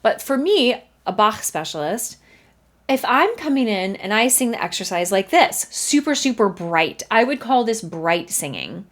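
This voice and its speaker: Animated woman voice teacher demonstrating singing. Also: medium pitch, a little slow. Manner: chatty, animated, breaks into sung vocal examples. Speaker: voice teacher and podcast host. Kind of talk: podcast singing lesson with sung demonstrations. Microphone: studio mic.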